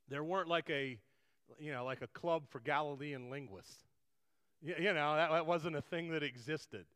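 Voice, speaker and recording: A man's voice: fairly high pitch, measured pace, pauses often, a bit bright, clean tone. A man preaching a conversational sermon, rambling with frequent restarts and asides. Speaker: pastor. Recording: long hall reverb.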